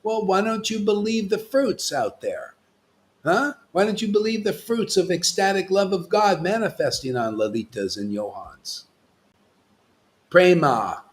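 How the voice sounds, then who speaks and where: A man giving a devotional sermon as a spiritual master, scolding and emphatic, swinging from loud declarations to hushed asides. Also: sits high.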